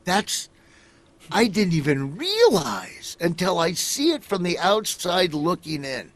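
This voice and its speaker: A man's voice: sits high, big pitch swings, slow, no echo. A middle-aged man from Nebraska, a comedian telling rambling stories in a casual interview, acting out other people as he goes.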